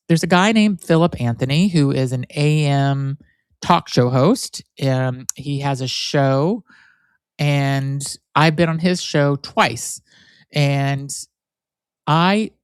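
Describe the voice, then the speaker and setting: A man's voice: fairly high pitch, no room sound. A man from Florida hosting a podcast alone, talking casually in a rambling, candid way, often correcting himself and swearing. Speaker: podcast host. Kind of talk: casual solo podcast monologue.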